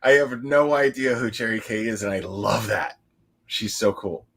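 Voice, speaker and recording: A man's voice: lowish voice, normal speed, a bit bright. A man hosting a livestream, chatting casually and a little tipsy, rambling with lots of restarts, laughs and swearing. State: tipsy from drinking. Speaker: livestream host.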